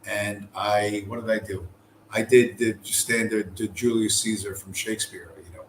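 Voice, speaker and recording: Low-voiced man rambling with swearing. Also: level tone, normal speed, roomy sound, slight background noise. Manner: rambling, profane, many fillers and restarts. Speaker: vlogger. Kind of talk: casual travel chat to camera. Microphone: camera mic.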